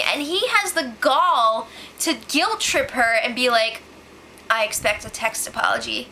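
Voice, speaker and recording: A woman giving a casual, animated spoiler recap, exclaiming and acting out what people said. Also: fairly high pitch, unhurried, gravelly, a little hiss or hum, low-quality recording. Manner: animated, exclaiming, acts out quotes. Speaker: show recap host.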